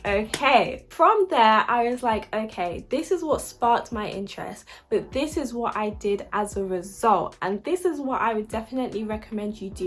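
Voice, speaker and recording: Young woman, vlogger, casual advice, chatty, upbeat, fillers, faint background music. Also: on the high side. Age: young adult. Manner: chatty and upbeat, lots of likes and ums. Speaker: vlogger giving university application tips.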